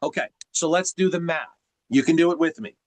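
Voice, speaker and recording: A man coaching on a video call in an emphatic, teacherly way, his voice sitting a little high. The sound is dry and close, with no room behind it. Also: a little fast, no echo. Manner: emphatic, teacherly, uses rhetorical questions.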